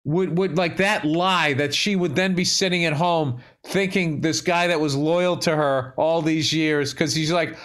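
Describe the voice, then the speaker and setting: A man with a fairly high voice co-hosting a podcast. He trades dry wisecracks and swears freely in loose, casual conversation. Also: steady tone, unhurried, hardly any pauses, fairly bright tone. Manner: wisecracking, profane. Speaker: podcast co-host. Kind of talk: casual chat.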